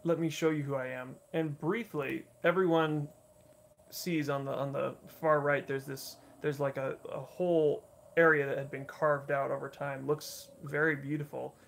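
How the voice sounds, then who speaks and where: A man running a tabletop game as dungeon master, describing scenes with many pauses and fillers. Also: a little high, level tone, vocal fry, a little hiss or hum. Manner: halting, filler-heavy descriptive narration. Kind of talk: narrating a tabletop game livestream.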